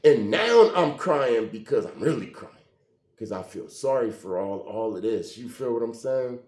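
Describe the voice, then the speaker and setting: A man telling a personal story in a casual, animated way, often acting out the dialogue. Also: mid-range voice, normal speed. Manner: animated, conversational, acts out quoted dialogue. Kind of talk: emotional storytelling monologue. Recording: roomy echo.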